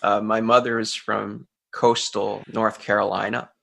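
A middle-aged folk singer and musician from Central Massachusetts speaks as a guest in a relaxed, reflective interview. His voice is lowish, gravelly, and sharp, with little pitch movement and a slightly slow pace, and he talks earnestly and openly, thinking aloud and laughing easily.

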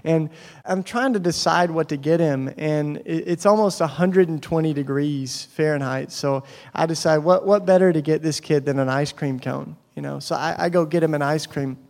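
A man giving a personal storytelling talk at a faith gathering, animated and acting out the voices in his stories. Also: a little high, normal speed, creaky. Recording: long hall reverb.

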